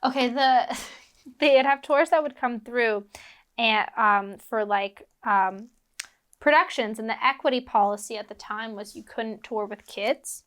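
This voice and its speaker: Woman from philly rambling while she builds lego stuff, slightly high voice, keeps losing her train of thought. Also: measured pace, a bit bright, smooth. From Philadelphia, United States. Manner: rambling, full of fillers, distracted and laughing at herself. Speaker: guest actress. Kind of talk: casual chat while building bricks.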